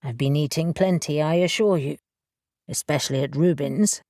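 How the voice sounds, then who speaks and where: A woman's voice: low-pitched, normal speed, dark tone, dry recording, studio quality, pitched below the performer's own voice, natural voice. A woman voicing a proud, curt male company boss in an audiobook, with a clipped manner. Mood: guarded.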